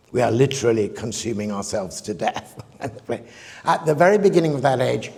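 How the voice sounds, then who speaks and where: A man's voice: medium pitch, vocal fry, a little mellow. A man giving a public lecture in a reflective, digressive way, often chuckling at his own points. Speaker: guest lecturer. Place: conference hall. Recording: long reverb of a lecture hall.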